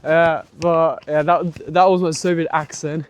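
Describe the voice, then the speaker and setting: Young man, travel vlogger, casual rambling, slightly high voice, outdoors walk-and-talk. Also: flat delivery, measured pace, clean tone. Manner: rambling, casual, many restarts and fillers. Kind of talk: walking vlog commentary. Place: outdoors at a large war memorial park.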